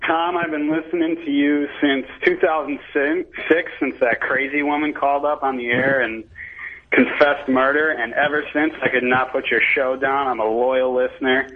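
An easygoing male caller heard over a tinny phone line, his voice mid-pitched. He chats loosely and fills his pauses with the odd "uh.". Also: fairly even intonation. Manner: easygoing, chatty. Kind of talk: call-in phone call.

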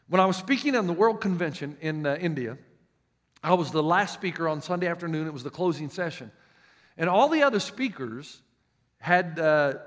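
A man with a Southern US accent preaches in a high, bright voice. He tells stories with emphatic repeats. His voice rings with the long reverb of a large church hall. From United States. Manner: emphatic storytelling preacher with many restarts. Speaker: pastor. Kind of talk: sermon.

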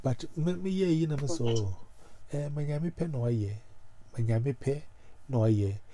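A man with a Ghanaian accent in a rambling, animated casual chat. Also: mid-range voice, moderate pace, a little hiss or hum. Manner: rambling, animated, full of fillers. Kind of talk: casual chat mixing pidgin and Twi.

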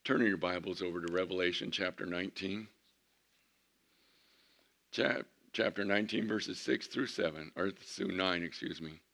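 A pastor delivering a sermon in a lowish male voice. He preaches with animation, rising to loud emphatic lines and dropping to near hushed asides. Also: moderate pace, creaky.

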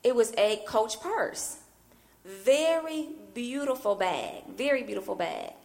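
A woman's voice: a little high, big pitch swings, slow pace, creaky, a little mellow. A woman minister preaching a sermon as a personal story, talking animatedly and often breaking in with "I mean" asides. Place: church.

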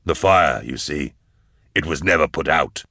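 A man voicing a calm, grave older commander in an audiobook, giving clipped orders. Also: rumbling low, unhurried, dry recording, clean studio sound, voice pushed down, heavily acted.

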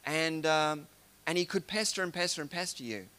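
Man, casual devotional talk, bright forceful voice, slightly high. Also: animated, normal speed, clean tone. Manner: conversational, musing, retells scripture in everyday words. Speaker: preacher.

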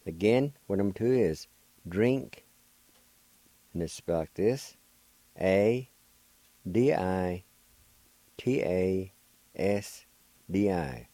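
A man's voice: sits low, lively intonation, takes it slowly, long pauses, mellow, no echo. An older man with a Cherokee accent, hosting a radio language lesson and patiently spelling out words letter by letter. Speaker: language teacher and radio host.

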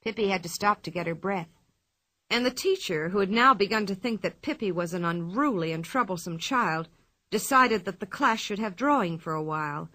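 A woman reads a children's storybook aloud in a bright, clear voice whose pitch moves freely. Her delivery is expressive and even-paced. The recording is dry and close to the mic. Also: normal speed, no echo. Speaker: narrator.

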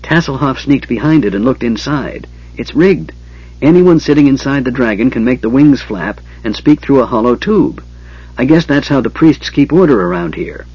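Man doing a gruff old dwarf. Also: mid-range voice, expressive, normal speed, a little mellow, no room sound, highs cut off, pitched above the performer's own voice. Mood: urgent. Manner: gruff, terse.

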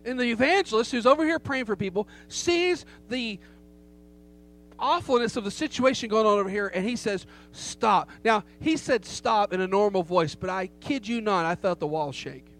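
A man's voice: high voice, lively intonation, moderate pace, fairly bright tone. A middle-aged man preaching a sermon, telling a story with emphasis and rhetorical questions to the congregation. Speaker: pastor. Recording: faint hum behind the voice.

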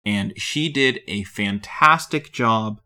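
A man's voice: on the low side, slow. A man co-hosting a casual podcast about a film, talking in a wry, joking way. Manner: lively, wry, deadpan jokes. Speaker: podcast co-host.

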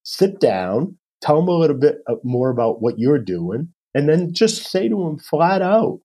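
A man's voice: on the high side, very animated, moderate pace, few pauses, dark tone. A man who advises coaches on their careers, talking casually and acting out quotes as he tells stories. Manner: storytelling, acts out quotes. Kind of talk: casual interview talk.

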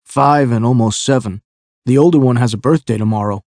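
A man's voice: mid-range voice, brisk, darkish tone, no echo, lightly acted. A man voicing a tall, strong young police officer who speaks modestly and respectfully.

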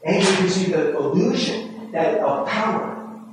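A man's voice: high-pitched, noisy background. A man preaching a sermon as pastor, talking with the congregation in a conversational way and often asking "right?". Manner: acts out his own inner voice with rising, fast self-talk. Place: church sanctuary. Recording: very echoey hall, voice from far off.

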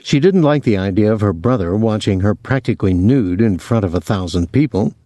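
A man narrating a novel as an audiobook, reading in a measured, expressive way. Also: fairly low pitch, no room sound. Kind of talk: scripted narration.

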